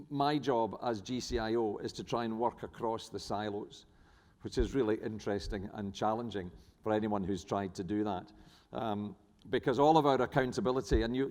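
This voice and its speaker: A man's voice: mid-range voice, a little mellow. A middle-aged man with a New Zealand accent giving a conference panel talk, hesitant with many fillers and restarts, and a dry sense of humour. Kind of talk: conference presentation. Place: large conference hall. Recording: echoey conference hall.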